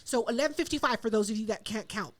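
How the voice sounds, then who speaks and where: A woman co-hosting a podcast, telling a story in a casual, profane way and acting out the quotes loudly. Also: a little high, fast. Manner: animated, profane storytelling with loud acted-out quotes. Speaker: podcast co-host.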